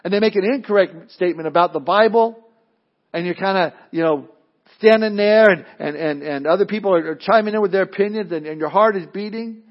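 High-voiced preacher man, dull recording. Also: a little fast. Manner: swings from loud urgent appeals to low hushed lines, acts out quotes. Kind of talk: sermon.

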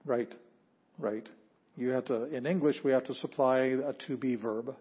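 A man teaching a language class, explaining patiently with frequent pauses and fillers. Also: mid-range voice, steady tone, breathy edge, highs cut off. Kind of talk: classroom lecture.

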